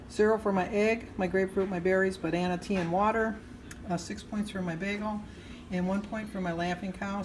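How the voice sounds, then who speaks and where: A talkative woman chatting to her vlog viewers at an everyday middle pitch. She is an animated storyteller who acts out both sides of a conversation. She stays upbeat and pokes fun at herself, with a faint hiss of noise under her voice. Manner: upbeat and self-deprecating. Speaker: vlogger sharing weight-loss diary.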